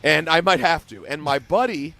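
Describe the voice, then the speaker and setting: A man co-hosting a sports radio show, telling a rambling story in an excitable, casual way. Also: a little high, moderate pace, vocal fry, soft background music. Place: radio studio.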